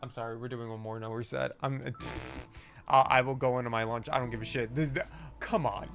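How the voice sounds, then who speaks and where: A man's voice: mid-range voice, fairly even intonation, fairly quick, over music. A man livestreaming himself playing a game, casually commenting, groaning and swearing at his own mistakes.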